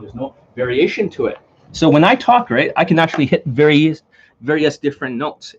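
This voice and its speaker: In a home video with cut-off highs and slight background noise, a man acting as a dating coach lectures the camera casually. He talks fairly quickly in an expressive, medium-pitched voice, repeating himself bluntly and swearing under his breath.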